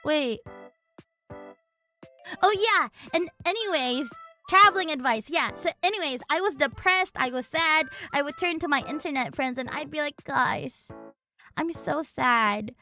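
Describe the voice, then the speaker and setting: A young woman chatting casually with her stream audience, rambling and breaking into sarcastic, excitable outbursts. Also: high voice, moderate pace, faint music behind. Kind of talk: casual chat.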